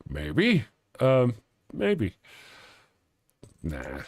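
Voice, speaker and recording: A man's voice: medium pitch, a little mellow, dry recording. A man hosting a live stream in casual chat, rambling and chuckling as he reads viewer comments aloud. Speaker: live-stream show host.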